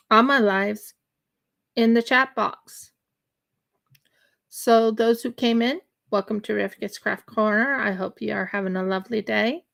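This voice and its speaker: Crocheting at home during winter, a woman hosts a craft livestream and chats casually, rambling with many fillers and restarts. Her voice sits in the mid-range, with vocal fry and a fairly bright tone.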